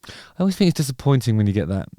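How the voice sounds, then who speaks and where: A man's voice: medium pitch, very animated, rapid-fire, very noisy. A middle-aged man hosting a casual music video reaction, rambling and wry with playful digressions.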